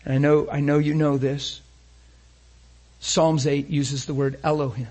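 In a fairly high voice, a man gives a passionate sermon at an unhurried pace, keeping a level tone overall. He shifts between forceful declarations and near-whispers and throws rhetorical questions at the congregation.

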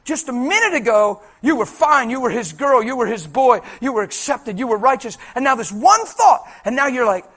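A man preaching a sermon in an animated, conversational, colloquial way. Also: extremely high pitch, moderate pace, few pauses, breathy edge.

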